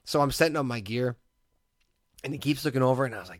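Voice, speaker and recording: A man's voice: medium pitch, very fast, dry recording, studio quality. A man in his thirties co-hosting a podcast, telling a rambling story in casual chat, full of "like" fillers. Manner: rambling, animated, many "like" fillers. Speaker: podcast co-host.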